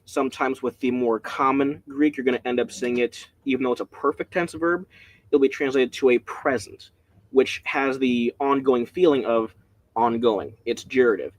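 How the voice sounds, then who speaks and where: A man leading a casual Bible study, rambling and excitable, often breaking off mid-sentence, speaking from home. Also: mid-range voice, no room sound. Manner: rambling, excitable, self-interrupting.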